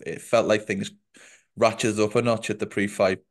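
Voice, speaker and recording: A man's voice: lowish voice, level tone, normal speed. A man hosting an interview, friendly and attentive, asking long questions and murmuring agreement. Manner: friendly, attentive, many short murmured acknowledgements. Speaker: interview host.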